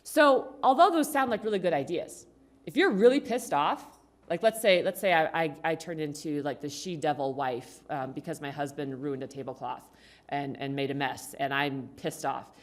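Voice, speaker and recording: A woman's voice: low voice, normal speed. A woman giving a conversational talk to a congregation, asking the audience questions. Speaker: speaker at a congregation. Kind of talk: talk on communication.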